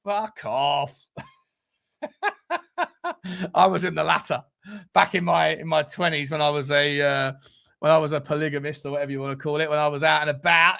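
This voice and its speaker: A man's voice: a little high, gravelly, sharp tone. A man hosting a live fan stream, who talks bluntly with crude jokes and reads out the chat. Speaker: fan show presenter.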